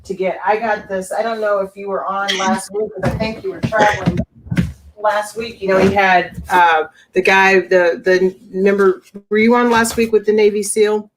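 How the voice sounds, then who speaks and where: A woman's voice: medium pitch, little pitch movement, normal speed, noisy background. A woman hosting a casual group chat, often restarting sentences as she searches for words. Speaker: host of a women's group call.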